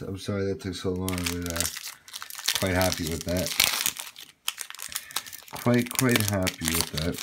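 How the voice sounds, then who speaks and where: A man hosting a card pack-opening video, chatting casually and getting excited over his pulls, with quick apologetic asides. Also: sits low, heavy background noise. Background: crinkling packs and shuffling cards.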